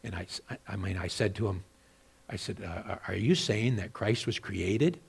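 A man preaching a sermon as a pastor, moving between loud, emphatic exhortation and quieter personal storytelling with repeated words. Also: lowish voice, normal speed, creaky, husky. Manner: repeats and restarts words when telling a story.

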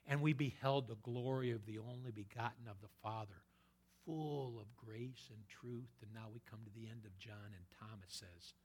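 A man preaching a sermon, quoting scripture and swinging between loud emphatic peaks and hushed whispers. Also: lowish voice, moderate pace, husky. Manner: quotes scripture in old-fashioned wording.

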